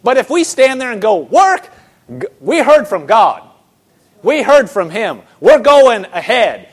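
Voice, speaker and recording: Man preacher, high voice, emphatic sermon, rhetorical questions, repeated words. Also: very animated, unhurried.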